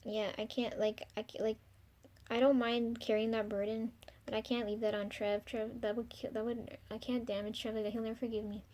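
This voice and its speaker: Rambling young woman with a flat, high voice. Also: brisk, slight background noise. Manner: rambling and confessional, frequent ums, swears casually. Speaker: vlogger. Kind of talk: personal video diary.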